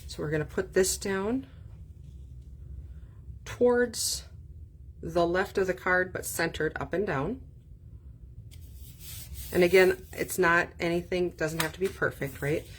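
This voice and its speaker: Chatty woman, low voice. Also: normal speed, pauses often, a little hiss or hum. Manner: chatty, thinks aloud, frequent ums. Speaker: card-making demonstrator. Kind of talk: casual craft tutorial.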